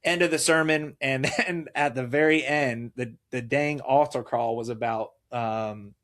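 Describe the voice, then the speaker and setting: A middle-aged man, a guest on a faith talk show, telling personal stories with lively acted-out dialogue. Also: medium pitch, a little slow. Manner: animated storyteller, acts out quoted dialogue. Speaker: guest, mayoral candidate. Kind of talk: casual faith conversation.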